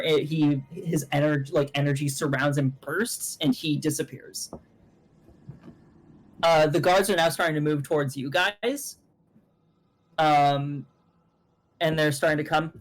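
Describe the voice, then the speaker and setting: A young man narrating a tabletop game as game master on a stream, rambling with fillers and quick self-corrections. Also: fairly high pitch, fairly even intonation, low-quality recording.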